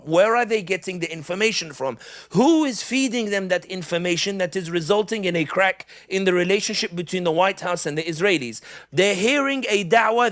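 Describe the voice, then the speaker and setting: A middle-aged man delivers a live speech in a fairly high voice. He tells stories animatedly and slips in comic asides. He speaks as a public speaker addressing an audience. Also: a bit bright. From United Kingdom.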